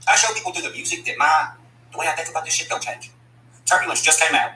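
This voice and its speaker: A man's voice: a little high, quick pace, bright, forceful tone, echoey room, a little hiss or hum, low-quality recording. A man delivering a blunt, profane, combative rant at his critics, speaking as a country rapper. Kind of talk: angry profane rant to camera.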